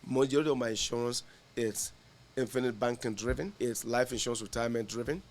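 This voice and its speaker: Animated man telling stories on a podcast. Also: mid-range voice, quick pace, slight background noise. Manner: animated storyteller, laughs through the punchlines. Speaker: guest, insurance agent. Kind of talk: casual podcast storytelling.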